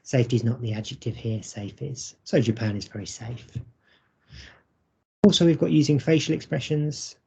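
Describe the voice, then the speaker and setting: A man presenting a recorded workshop for English teachers, speaking in a measured, explanatory way with frequent ums. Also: medium pitch, lively intonation, gravelly, warm tone, breathy edge. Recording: dull lo-fi audio.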